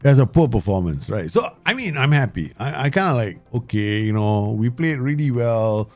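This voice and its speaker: A man hosting his gaming channel, giving live commentary and talking to himself and the viewers in an excitable way. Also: medium pitch, normal speed, faint music behind. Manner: excitable, talks to himself and the viewers, frequent laughs.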